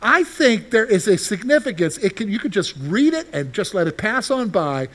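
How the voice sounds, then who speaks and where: A man preaching a sermon with a high, lively voice that rises and falls widely. He keeps turning to the congregation with rhetorical questions. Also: moderate pace. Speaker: pastor.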